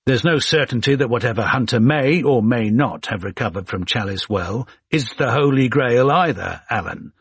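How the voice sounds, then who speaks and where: A man's voice: mid-range voice, expressive, moderate pace, hardly any pauses, breathy edge, dry recording, studio quality. A man voicing a ruthless, impatient male company chairman in an audiobook, curt and hard-driving.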